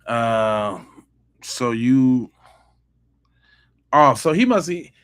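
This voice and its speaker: A man's voice: mid-range voice, animated, extremely slow, pauses often, fairly bright tone, clear, resonant tone. A man hosting a live stream, talking casually and mocking viewers' comments in a heated tone. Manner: heated, mocking, talks straight at the chat.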